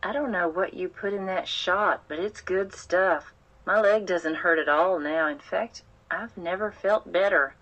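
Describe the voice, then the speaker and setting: A folksy small-town woman sleuth, voiced by a woman narrator speaks in a low, bright Oklahoma drawl. Her lines come out mumbled and easygoing. The voice has an audiobook finish. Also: measured pace, rough recording. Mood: dazed, cheerful.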